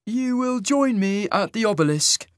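A man voicing an eerie immortal male adjudicator with a sing-song, slow and serene way of speaking. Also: high voice, no room sound, studio quality, pitched above the performer's own voice. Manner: slow, serene, unsettlingly calm.

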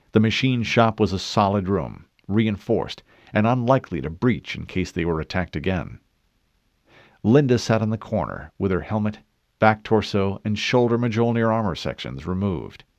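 A man narrating an audiobook in a steady, dramatic storytelling manner. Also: on the low side, no echo. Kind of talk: scripted narration.

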